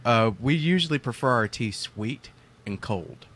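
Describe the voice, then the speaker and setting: A man's voice: medium pitch, lively intonation, unhurried, a bit bright, husky. A man from the southern United States co-hosting a podcast in casual chat, dry and amused. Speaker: podcast co-host.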